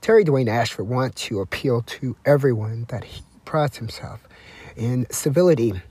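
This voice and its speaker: A man hosting a talk broadcast, lecturing slowly and repeating himself while he speaks of himself in the third person. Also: mid-range voice, lively intonation, mellow, breathy edge, no room sound. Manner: deliberate, repetitive, refers to himself in the third person; lecturing, with drawn-out emphasis and spelled-out words. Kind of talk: self-promoting monologue.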